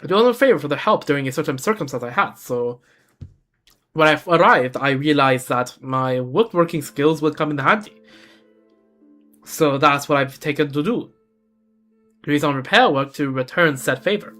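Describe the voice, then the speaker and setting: A humble village carpenter in a game, earnest and plainspoken, as a man puts him on. The Central European accent is rough and the voice sits a little high. Soft game music plays far behind. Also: moderate pace. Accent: put-on Central European accent. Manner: reading dialogue aloud with stumbles and restarts.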